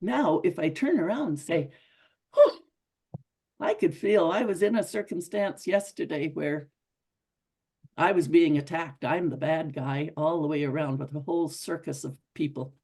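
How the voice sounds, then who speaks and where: Speaking slowly in a low, husky, somewhat mellow voice, a middle-aged woman addresses a women's club. She keeps the motivational talk earnest and chatty, repeating points again and again to drive them home.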